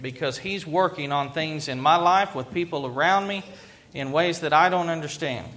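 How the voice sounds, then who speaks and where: A man preaching a sermon in an earnest, reflective way, pausing to let points land. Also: a little high, fairly bright tone. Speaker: pastor.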